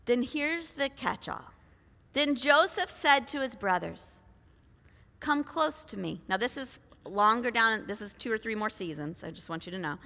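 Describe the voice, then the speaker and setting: A woman's voice: on the high side, animated, moderate pace, sharp tone, in a large hall. A woman preacher retelling a scripture story in a conversational sermon, full of rhetorical questions. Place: church.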